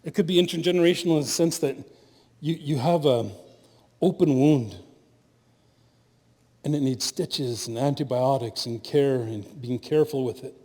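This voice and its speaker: A middle-aged man giving an animated storytelling talk as a spiritual leader at a conference, laughing at his own stories. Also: mid-range voice, normal speed, pauses often. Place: conference hall. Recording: long hall reverb.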